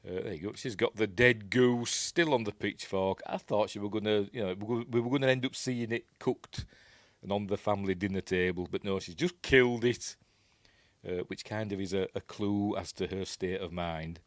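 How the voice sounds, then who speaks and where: A man's voice: lowish voice, moderate pace, no room sound. A man with a Yorkshire accent giving a casual, rambling film breakdown as a reviewer, with lots of ums and asides. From Yorkshire, England.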